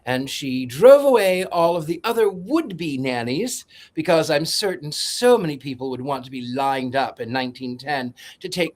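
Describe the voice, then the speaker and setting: A man on a podcast panel giving a joking, rambling film synopsis in a sarcastic, playful way. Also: mid-range voice. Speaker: podcast co-host.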